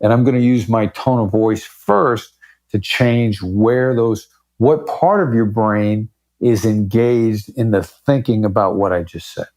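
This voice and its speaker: With a measured pace and a lowish, darkish voice, the man appears as a guest on a podcast. He's a negotiation expert, and in this conversational interview he drives his points home emphatically while varying his tempo.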